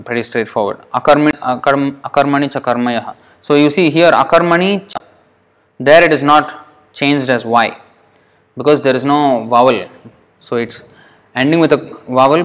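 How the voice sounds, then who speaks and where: A man teaching Sanskrit pronunciation to a class, patient and repetitive, drawing words out slowly to demonstrate them. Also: mid-range voice, fairly bright tone. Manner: patient, repeats words slowly to show how they sound.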